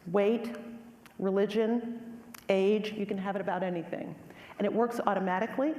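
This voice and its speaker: Middle-aged woman giving a talk, animated storytelling, big echoey hall, faint room noise. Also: medium pitch. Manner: animated storytelling, emphatic, addresses audience directly. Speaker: lecturer. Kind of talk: public lecture with personal story.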